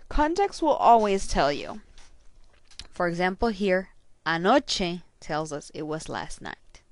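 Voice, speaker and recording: A woman teacher giving a recorded grammar lesson, slowly and carefully saying each verb ending aloud. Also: lowish voice, expressive, dry recording. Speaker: Spanish teacher.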